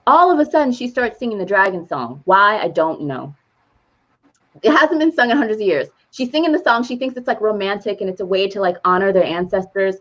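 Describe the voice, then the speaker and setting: A woman co-hosting a podcast who retells a movie plot in casual chat, animated and laughing as she goes. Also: medium pitch, a little fast, lo-fi sound. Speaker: podcast co-host.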